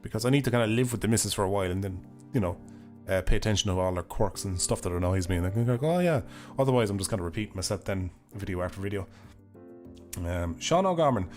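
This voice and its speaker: Irish man, hoarse, casual game stream chat, rambling and sweary, faint music behind. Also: on the low side, darkish tone. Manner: rambling, swears freely, laughs often. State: hoarse, voice failing. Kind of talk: casual livestream chat while gaming.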